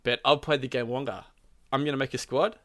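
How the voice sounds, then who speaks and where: Bright, rambling young man chatting. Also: medium pitch, fairly even intonation, fairly quick, dry recording, studio quality. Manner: rambling storytelling, lots of fillers. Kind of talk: casual chat.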